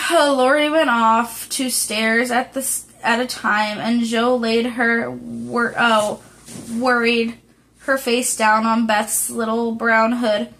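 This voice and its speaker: A woman reads a classic novel aloud as an amateur audiobook. Her voice sits a bit high, and she takes the text slowly and carefully, correcting small slips as she goes. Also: a bit bright, low-quality recording. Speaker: audiobook reader.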